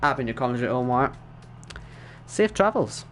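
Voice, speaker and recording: A man, hoarse and worn out, casually wrapping up an esports race stream and chatting with viewers. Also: medium pitch, sing-song, moderate pace, slight background noise. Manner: chatty, reads chat aloud, self-deprecating. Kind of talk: casual stream sign-off commentary.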